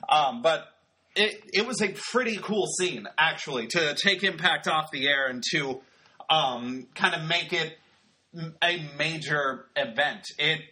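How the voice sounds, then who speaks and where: A man talks through a wrestling episode in a loose, wry podcast style, full of ums and asides. His voice sits a little high and sounds bright and forward, with a faint husk to it. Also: a little slow, breathy edge. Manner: chatty, wry, many fillers. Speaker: wrestling show reviewer. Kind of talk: casual podcast commentary.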